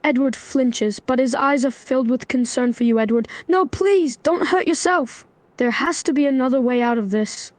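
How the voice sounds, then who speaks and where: A text-to-speech woman's voice, narrating a melodramatic role-play story and speaking its lines in an even, scripted way. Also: high-pitched, moderate pace, dry recording. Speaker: AI chatbot narrator.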